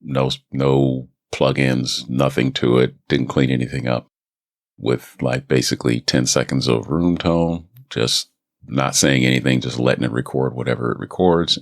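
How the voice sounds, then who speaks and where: A man's voice: extremely low pitch, gravelly. A man hosting a voice-acting podcast, talking casually and rambling into a studio microphone. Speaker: podcast host and voice actor.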